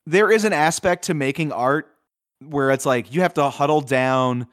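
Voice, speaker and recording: A man's voice: fairly high pitch, normal speed, no room sound, studio quality. A man co-hosting a podcast, reviewing films in a loose, chatty way with lots of filler words. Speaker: podcast co-host. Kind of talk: casual film review chat.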